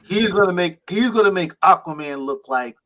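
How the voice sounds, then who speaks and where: A man co-hosting a casual podcast, excitable and slangy, often starting with "listen" or calling people "bro". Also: high-pitched, moderate pace. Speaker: podcast co-host.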